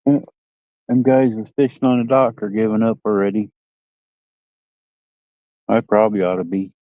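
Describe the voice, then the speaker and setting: A man's voice: on the low side, level tone, normal speed, warm tone, dry recording. Midwestern man, folksy live-streamer chatting while fishing, dull phone audio. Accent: Midwestern American. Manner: rambling, folksy, chats to viewers and reads comments. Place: outdoors by a lake dock.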